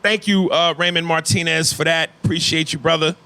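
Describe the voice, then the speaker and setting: Loud-mouthed podcast guy, bright punchy voice, cussing a lot. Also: a little high, steady tone, brisk, vocal fry, smooth. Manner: brash, profane, reads emails aloud. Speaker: podcast host. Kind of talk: casual comedic chat.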